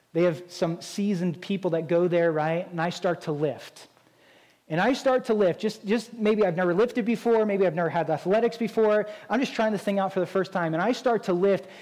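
A man's voice: sits high, darkish tone. A man preaching a sermon as a pastor, in a conversational style with frequent rhetorical "right?" asides.

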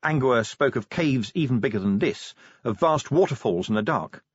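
A man narrating an audiobook in a husky voice. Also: mid-range voice, animated, normal speed, no echo. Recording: dull dry lo-fi recording.

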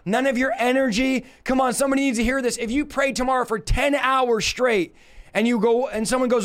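High-voiced preacher man, emphatic. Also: steady tone, a little fast. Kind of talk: livestream Bible teaching.

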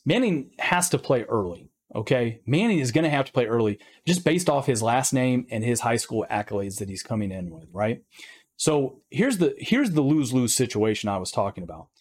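A man's voice: mid-range voice, very animated, normal speed. Emphatic male football commentator. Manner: emphatic, peppers statements with "right?". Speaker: sports channel host.

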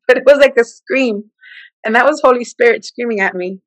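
A middle-aged woman telling a personal story in casual, animated talk, acting out what people said. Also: normal speed, no echo, poor audio. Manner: animated, acts out quoted speech with big pitch jumps. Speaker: guest telling her testimony.

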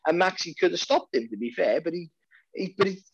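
A man's voice: high-pitched, animated, a little fast, creaky, no room sound, muffled recording. A man with a Welsh accent, a boxing commentator chatting casually and restarting his sentences often. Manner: rambling, many restarts and repeated words. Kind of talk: casual podcast chat.

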